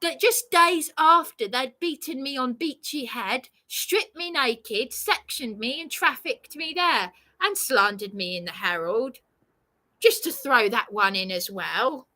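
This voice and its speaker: Indignant, high-voiced woman ranting. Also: animated, measured pace, pushed and bright. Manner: indignant, emphatic, swears, laughs bitterly. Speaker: vlogger. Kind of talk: ranting monologue to camera.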